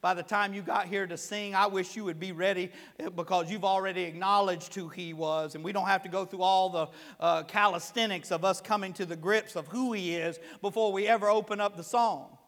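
High-voiced pastor preaching in a hall. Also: male voice, fairly even intonation, fairly quick, few pauses. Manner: conversational preaching that swells to loud emphatic peaks. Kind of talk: sermon. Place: church sanctuary.

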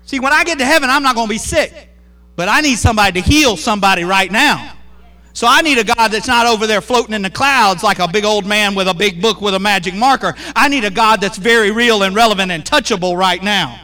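Animated preacher man with a bright, high voice. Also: brisk. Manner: animated preaching, call-and-response questions. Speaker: pastor. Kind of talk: sermon.

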